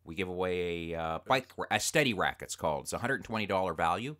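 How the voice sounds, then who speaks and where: A man's voice: low-pitched, quick pace. A man co-hosting a casual podcast, rambling, swearing and getting worked up as he talks. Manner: profane, rambling, excitable. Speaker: podcast co-host.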